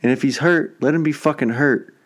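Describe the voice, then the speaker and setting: A young man co-hosting a podcast, telling a story in a casual, profane, animated way. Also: medium pitch, a little fast. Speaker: podcast co-host. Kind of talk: casual chat.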